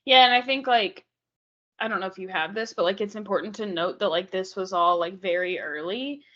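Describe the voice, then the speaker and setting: A woman's voice: mid-range voice, brisk, a bit bright, muffled recording. A woman co-hosting a casual true-crime podcast, mostly giving short agreement and musing loosely. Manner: brief backchannel agreement, then loose musing. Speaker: podcast co-host.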